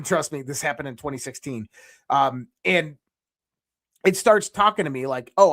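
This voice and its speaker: A man with a somewhat higher voice tells a story in a casual conversation. He is animated, throws in voiced bits of dialogue and swears freely. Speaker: guest.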